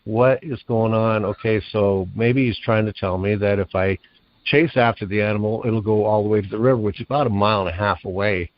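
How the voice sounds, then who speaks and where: A man, the guest author, telling a long story in an interview, animated and acting out the lines he quotes. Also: on the low side, brisk, highs cut off, slight background noise.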